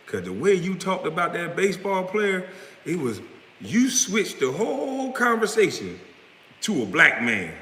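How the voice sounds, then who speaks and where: A man's voice: high-pitched, wildly swooping pitch, a little slow, pushed and bright. Male streamer, angry profane rant, recorded in a roomy space with long reverb. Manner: profane, confrontational, trash-talking. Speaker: live-stream host. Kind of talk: heated live-stream rant.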